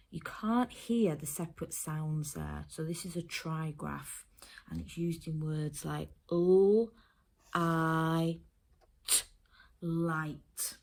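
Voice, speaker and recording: English lady teacher going through phonics, slow and careful, sounds each letter out, lowish voice. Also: darkish tone. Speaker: primary school teacher. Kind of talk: phonics lesson for children and parents.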